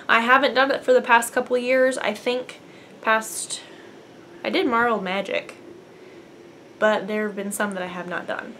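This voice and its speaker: A woman's voice: fairly high pitch, pushed and bright, a little hiss or hum. A young woman, hosting a knitting podcast from her apartment, chatting casually and bubbly with lots of fillers. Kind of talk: casual chat to camera. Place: apartment at home.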